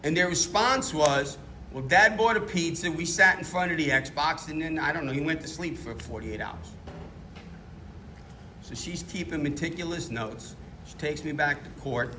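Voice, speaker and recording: The middle-aged New Yorker addressing the meeting tells his recovery story openly and with self-mockery, at a moderate pace. His fairly high voice has a sharp tone, and there's a little hiss or hum.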